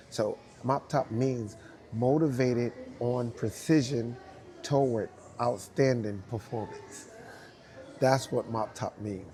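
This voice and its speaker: A man tells a story in an interview, animated and quick to laugh. His voice sits at an ordinary middle pitch. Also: faint music behind. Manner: animated, laughing often, acts out quoted voices. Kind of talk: storytelling anecdote.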